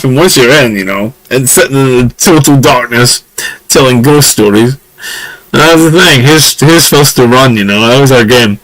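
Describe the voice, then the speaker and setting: This Scottish man hosts a podcast from his home, spinning casual stories in a rambling, chuckling way full of fillers. His slightly high, somewhat bright voice moves at a normal pace, and the lesser mic gives a rough recording with no echo.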